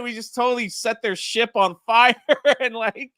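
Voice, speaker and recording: An animated man co-hosting a casual podcast, his voice bright and crisp. It swings widely in pitch as he tells his stories. The sound is dry and close, with no room echo. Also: unhurried. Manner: animated, laughing storyteller. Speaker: co-host.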